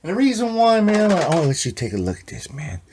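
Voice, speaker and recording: A man vlogging about guitars in a rambling, excitable, conspiratorial way, tossing in filler phrases constantly. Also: a little high, fairly quick, a little hiss or hum. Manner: excitable, conspiratorial, constantly says "man" and "you know what I mean". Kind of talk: rambling casual show-and-tell.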